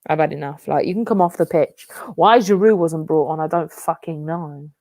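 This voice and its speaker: She's a young woman on a football watch-along, swearing and blowing up at the game during the live chat. The voice is low and dark at a moderate pace, recorded cleanly in a studio with no room sound.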